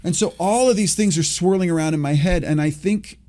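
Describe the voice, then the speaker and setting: A man's voice: sits high, fairly quick, warm tone. A man in his forties hosting a solo podcast, thinking aloud in a rambling, self-correcting way. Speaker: podcast host. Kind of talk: reflective solo podcast talk.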